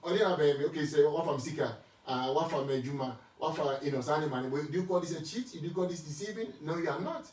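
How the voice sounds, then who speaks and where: Speaking fast with hardly any pauses, a man with a Ghanaian accent and a fairly high, slightly mellow voice answers marriage questions in a casual Christian teaching talk. He shifts between Twi and English, restarting and repeating words. He sits far from the mic in an echoey, roomy space.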